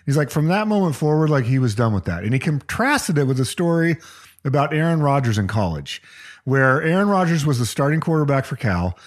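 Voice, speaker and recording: A man with a slightly high, very lively voice leads a casual chat, telling football stories with energy. He jumps into quoted lines as he narrates, and his pitch swings widely. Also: a little fast. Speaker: podcast co-host.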